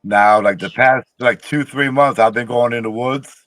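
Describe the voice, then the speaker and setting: A man's voice: medium pitch, normal speed, fairly bright tone, no room sound. A man from Tennessee, a guest researcher on a casual podcast, telling stories in a plainspoken, rambling way.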